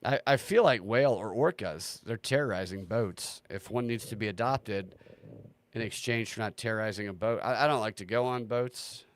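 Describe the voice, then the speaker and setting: A man's voice: on the low side, normal speed, no room sound. A man hosting a livestream, talking casually in a sarcastic, ranting way and swearing freely. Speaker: livestream host.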